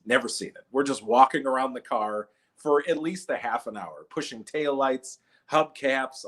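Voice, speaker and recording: A man doing stand-up comedy, telling stories and acting out the voices of the people in them. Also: medium pitch. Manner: animated, acts out voices in his stories. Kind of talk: stand-up storytelling.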